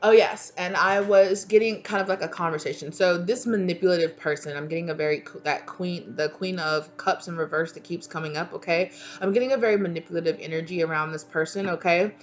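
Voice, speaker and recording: A woman's voice: lowish voice, fairly even intonation, brisk, hardly any pauses, highs cut off. A woman giving a casual, rambling channeled tarot reading, full of "like" and "okay". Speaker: tarot reader.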